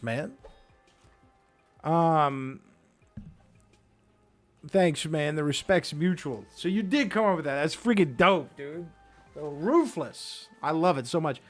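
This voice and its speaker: A man's voice: a little high, very animated, unhurried, pauses often, a bit bright, soft background music. A man giving let's-play commentary as he plays, chatty and self-mocking, reacting aloud to the game. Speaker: gaming video creator.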